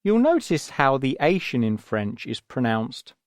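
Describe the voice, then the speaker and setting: Gentle English man teaching, lively pitch. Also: measured pace, smooth, no room sound, studio quality. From England. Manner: patient, gentle, explaining step by step. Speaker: language teacher. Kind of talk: scripted audio lesson for children.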